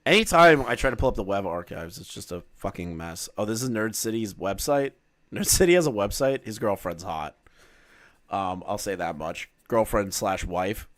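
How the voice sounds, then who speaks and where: A man commenting casually on a live stream, swearing often, reading documents aloud and breaking into loud exclamations. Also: on the low side, lively intonation, normal speed, no echo.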